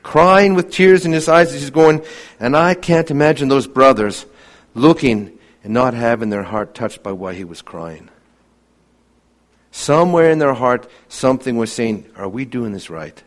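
A man preaching a sermon earnestly, asking many rhetorical questions and dropping to a hushed voice for emphasis. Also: mid-range voice, unhurried.

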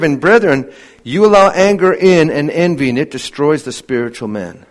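An earnest male preacher delivering a sermon, with a voice set a little higher than most men's. He keeps asking the congregation rhetorical questions and sinks to a hush to drive points home. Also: animated, moderate pace. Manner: earnest, many rhetorical questions, drops to a hushed voice for emphasis.

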